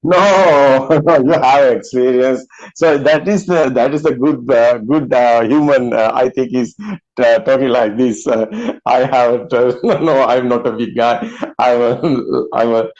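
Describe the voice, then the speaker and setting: A man's voice: medium pitch, measured pace, darkish tone, dull audio. A man hosting an online meeting, speaking casually with many fillers and frequent laughs. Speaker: meeting host. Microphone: video call.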